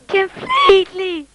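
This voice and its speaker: A man putting on an impression of an excitable older male racing commentator, high and sing-song, drifting into other accents. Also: full character voice, poor audio.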